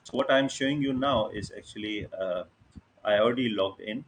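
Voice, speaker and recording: A fairly low-voiced man teaches over a video call, with a light hiss of room noise underneath. He talks in a halting, casual way, filling pauses and checking that the group keeps up. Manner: halting, many fillers, checks in with listeners. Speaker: online workshop instructor. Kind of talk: casual live teaching over screen share.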